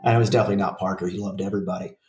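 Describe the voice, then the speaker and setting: A man's voice: low-pitched, steady tone, rapid-fire, a little mellow, reverberant, recorded from a distance. A man in his forties telling a rambling, profane story in a casual podcast chat. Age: 40s. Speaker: podcast co-host.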